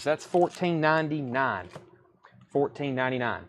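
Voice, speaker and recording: Man, fairly high voice, quick casual listing of titles and prices, live sales stream. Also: lively intonation. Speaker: record seller on a live stream.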